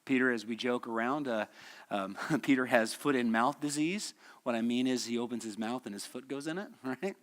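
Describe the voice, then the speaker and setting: A man's voice: mid-range voice, moderate pace, a bit bright. A man teaching a midweek church lesson in a conversational, storytelling way, asking the class questions and chuckling often. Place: church hall.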